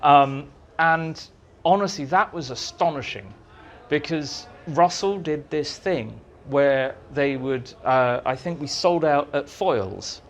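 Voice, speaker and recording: A man telling lively anecdotes as an interview guest, acting out the dialogue in his stories, in a meeting room with an audience. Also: on the high side, slow pace, a little hiss or hum. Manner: animated storyteller, acts out dialogue. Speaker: interviewee, writer.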